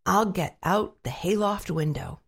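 Bossy female parrot, crisp and impatient, slightly husky, woman doing the voice. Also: fairly low pitch, expressive, heavily acted. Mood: scolding. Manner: brisk and scolding.

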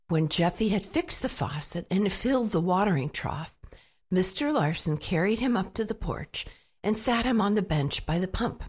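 A woman reading a children's storybook aloud in an expressive, playful way with dramatic pauses. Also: fairly low pitch, husky.

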